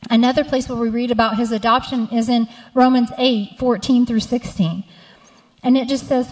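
A woman's voice: fairly high pitch, fairly even intonation, normal speed. Middle-aged lady pastor, sermon w personal stories, echoey church hall. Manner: warm, personal storytelling with scripture reading. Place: church sanctuary.

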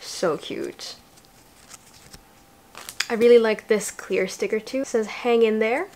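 Young woman vlogger, slightly high voice, chatty unboxing, faint hiss behind. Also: takes it slowly, darkish tone. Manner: chatty, bubbly, talks to the viewer as she unpacks. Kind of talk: casual unboxing vlog.

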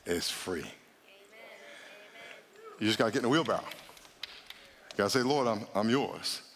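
A man preaching a sermon to a church congregation, animated, swinging his voice up high when he mimics people. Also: a little slow, a little hiss or hum. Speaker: pastor. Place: large church auditorium. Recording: long hall reverb.

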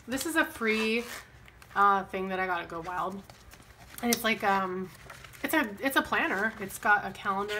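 A young planner vlogger with a light lilt rambles and chats while decorating her planner, often laughing at her own mistakes in a self-deprecating way. Her voice is medium-pitched, and there's noise in the background.

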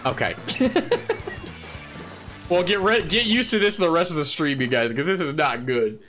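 A man streaming a game live, chatting to viewers in a playful, goofy way, laughing often and yelling when he wins. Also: fairly high pitch, animated, moderate pace, soft background music. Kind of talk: casual live gameplay chatter.

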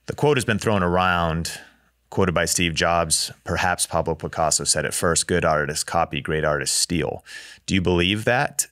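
A man hosting a podcast, asking a guest long, measured questions. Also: low voice, bright, forceful tone, dry recording, clean studio sound. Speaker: podcast host. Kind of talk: interview questions.

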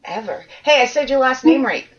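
A woman podcast host with a New Hampshire accent chats casually in a high, animated voice at a quick pace. She jokes at her own expense and swears offhandedly, all captured in dull lo-fi audio.

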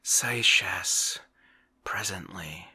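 A man voicing a dreamy, idle Russian gentleman in a whispered role-play, sighing and plaintive. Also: low-pitched, slow pace, slightly rough, full character voice.

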